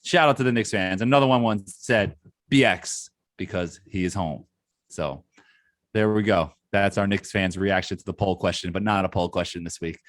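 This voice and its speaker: A man co-hosting a sports podcast in casual chat, excitable and quick to rattle off lists. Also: deep voice, dry recording. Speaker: podcast co-host.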